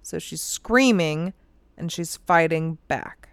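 A woman's voice: low-pitched, takes it slowly, clean tone, no room sound. A woman co-hosting a casual true-crime podcast at home, telling the story animatedly, swearing freely and laughing often. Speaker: podcast co-host.

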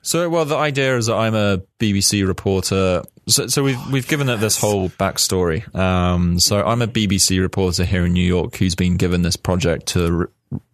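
A young British man with a deep, low voice talks casually as a podcast guest. He rambles through self-deprecating stories about his comedy project. The sound is close and dry, with no room echo. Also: moderate pace. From Britain. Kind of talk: casual chat.

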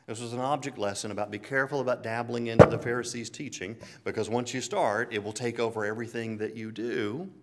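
Chuckling preacher, conversational. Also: male voice, medium pitch, fairly even intonation, fast talker, hardly any pauses, heavy background noise. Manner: conversational, chuckles often, tells anecdotes. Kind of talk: sermon.

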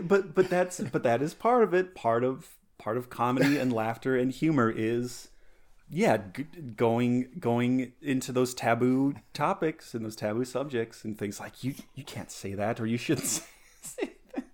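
A man's voice: medium pitch, moderate pace, darkish tone. A man hosting a podcast in casual chat, rambling and easygoing, often restarting sentences. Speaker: podcast host.

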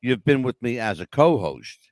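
Lively laid-back man in his sixties. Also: medium pitch, moderate pace, no room sound. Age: 60s. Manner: laid-back, animated, teasing. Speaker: podcast host. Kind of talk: casual chat.

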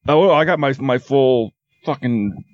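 A man's voice: medium pitch, expressive, measured pace, dry recording. Man, podcast co-host, wisecracking, casual, dry muffled sound. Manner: wisecracking, profane. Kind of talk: casual chat. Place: small studio room.

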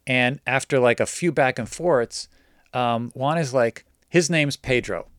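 A man spinning a casual story, animated and quick to act out each person's lines in his own voice. His pitch sits in the middle, and the sound is dry and close, with no room echo. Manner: animated, acts out quoted dialogue.

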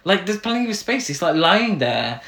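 A podcast co-host chatting casually about a film, animated, swearing and laughing often. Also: medium pitch, normal speed. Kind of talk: casual film review chat. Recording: roomy echo.

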